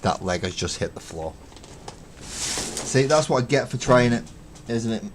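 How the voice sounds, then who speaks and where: A man's voice: medium pitch, lively intonation, a little slow, background noise. A man chatting casually on a live stream while building miniatures, counting parts aloud, mocking himself and swearing offhandedly. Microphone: webcam stream.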